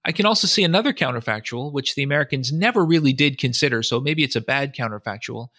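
A man's voice: medium pitch, animated, quick pace, pushed and bright, no room sound, clean studio sound. A man, a historian and author, giving long explanatory answers in a podcast interview, often quoting sources and thinking aloud.

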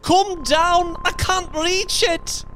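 A man's voice: extremely high pitch, fairly even intonation, very slow, sharp tone, a little hiss or hum, voice pushed up, exaggerated voice. A man reading a story aloud and voicing a grieving old woman who pleads desperately, with music behind him. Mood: frantic. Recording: reading over background music.

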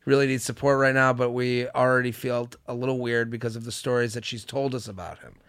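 A man's voice: medium pitch, fairly even intonation, quick pace, a bit bright, clean tone, no room sound. A man hosting a casual podcast, reading listener emails aloud in a chatty way and laughing often. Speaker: podcast host.

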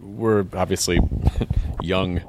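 A man's voice: low-pitched, fairly even intonation, slow pace, noisy background. A man from the United States hosting a casual interview, talking loosely, joking and often hesitating. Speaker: host.

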